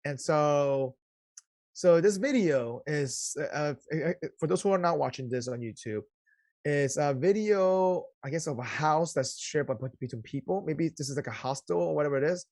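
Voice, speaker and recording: A man co-hosting a casual podcast chat, excitable and quick to interrupt with questions. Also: fairly high pitch, dry recording, studio quality. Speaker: podcast co-host.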